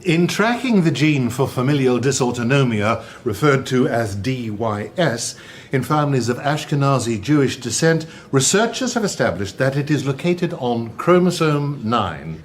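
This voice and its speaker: A dry academic, voiced by a man, reads a technical paper aloud, his pitch swinging widely. The delivery is formal and precise. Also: sing-song, normal speed, natural voice. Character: lecturer reading a genetics paper. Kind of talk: radio drama acting.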